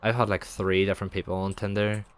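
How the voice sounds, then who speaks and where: A man's voice: on the low side, little pitch movement, fast talker, slight background noise, low-quality recording. A young man, rambling and swearing through casual stories while streaming a game. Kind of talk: casual chat while gaming.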